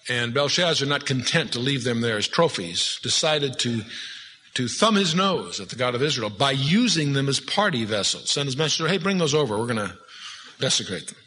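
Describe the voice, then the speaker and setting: A man's voice: mid-range voice, sharp tone. Man, Bible teacher, folksy joking asides, long hall reverb, faint background hum. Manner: folksy, joking asides between scripture readings.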